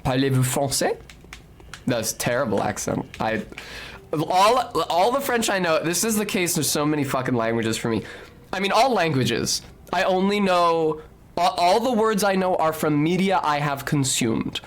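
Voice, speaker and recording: Man streaming a game, loose joking banter with chat, crude tongue, a touch high-pitched. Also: big pitch swings, normal speed. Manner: rambling, joking and profane, with frequent fillers. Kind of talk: casual live-stream chatter while playing.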